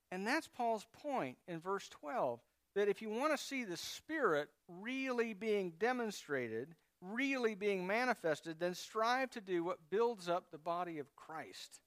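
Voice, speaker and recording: A man's voice: high voice, a bit bright, dry recording, clean studio sound. A man preaching a sermon in a conversational way, with asides and prompts to the congregation. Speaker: pastor.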